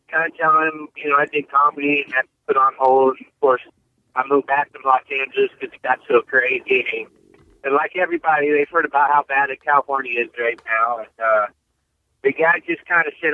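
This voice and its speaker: A man's voice: on the high side, brisk, no echo. Man telling stories over a tinny line. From Ohio. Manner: rambling, many fillers. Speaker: guest comedian. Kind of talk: casual storytelling.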